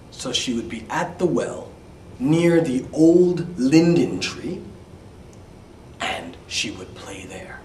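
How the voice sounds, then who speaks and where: Slow, lively storytelling male teacher. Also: on the high side, slight background noise. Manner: slow, repeats and explains words, drops to near-whispers for asides. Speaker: English teacher. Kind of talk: storytelling lesson for English learners. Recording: echoey room, mic at a distance.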